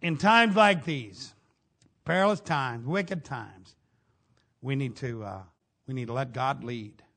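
A middle-aged man preaching a sermon in a folksy way, shouting some lines and dropping low on others. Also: takes it slowly, long pauses.

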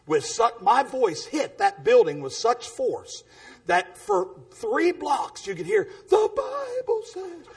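A preacher with a booming voice that sits very high for a man. He swings up and down in pitch as he tells his story, sprinkling in "amen" and bursting into shouts. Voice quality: big booming voice. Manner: animated, punctuates with "amen", breaks into shouts. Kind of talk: storytelling sermon.

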